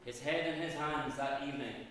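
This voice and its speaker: A Scottish man giving a dramatic history lecture, swinging from loud emphatic bursts to low hushed asides, recorded in a university auditorium. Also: steady tone, normal speed, a little hiss or hum. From Scotland. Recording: echoey hall, voice far from mic.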